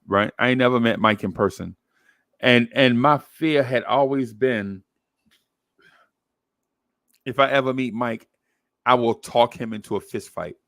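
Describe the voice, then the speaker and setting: A man tells a story in loose, animated chat. He jumps into voices for the people in it and laughs as he goes. He is close to the mic, in a dead-quiet, dry sound. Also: medium pitch, a little slow, long pauses, dry recording. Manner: excitable storyteller, acts out voices, laughs often. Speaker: podcast co-host telling a story.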